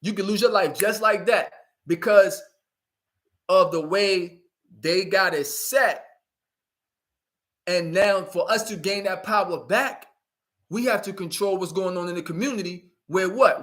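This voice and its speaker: A man's voice: sits high, unhurried, long pauses, a bit bright. A man giving a blunt, profane street-talk monologue, preaching to young people and often asking "you know what I'm saying". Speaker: community speaker.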